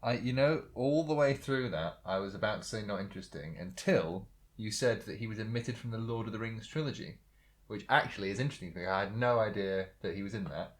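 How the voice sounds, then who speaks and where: A man who is a guest on a casual movie commentary, deadpan and dismissive, cracking jokes. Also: fairly low pitch, fairly quick. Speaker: podcast guest.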